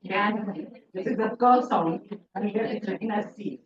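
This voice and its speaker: In a classroom or hall, a woman with an Indian English accent leads a pronunciation workshop for teachers, chatty and encouraging and praising often. Her voice is medium-pitched and unhurried, and the echoey, distant, dull recording carries crowd noise.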